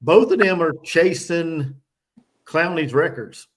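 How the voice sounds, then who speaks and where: Man, fairly high voice, halting host breaking down a football matchup. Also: expressive. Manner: hesitant, restarts a lot, full of ums. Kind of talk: casual sports chat.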